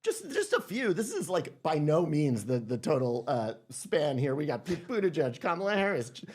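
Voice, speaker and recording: A man's voice: fairly high pitch, big pitch swings, normal speed, darkish tone. A man co-hosting a podcast, talking in rambling, sarcastic asides with many fillers. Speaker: podcast co-host. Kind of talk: casual chat.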